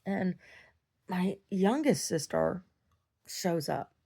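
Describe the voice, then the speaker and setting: Low, gravelly woman rambling in a video diary. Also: animated, slow, mellow. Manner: meandering, many restarts and "like"s, swears casually. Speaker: video diarist.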